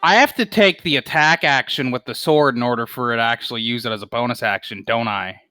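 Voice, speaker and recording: A player in a casual tabletop game, hesitant and thinking aloud, swearing, with bursts of excitement. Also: medium pitch, fairly quick, dry recording.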